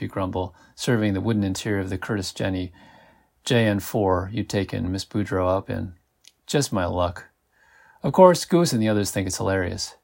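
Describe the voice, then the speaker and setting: Gravelly male storyteller. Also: sits low, normal speed, darkish tone. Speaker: podcast host. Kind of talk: reading an interactive story aloud.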